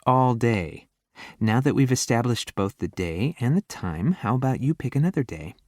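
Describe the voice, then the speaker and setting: Sassy, teasing young woman with quick comebacks, read by a male narrator. Dry studio read. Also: lowish voice, a little mellow, no room sound, pitched above the performer's own voice, close to an everyday voice.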